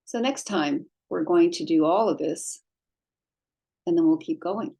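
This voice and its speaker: A woman teaching a beginner's language lesson, pronouncing each sound slowly and carefully. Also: fairly low pitch, creaky, dark tone. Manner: slow, careful drawn-out pronunciation of sounds. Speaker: Hebrew teacher. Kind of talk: slow instructional lesson.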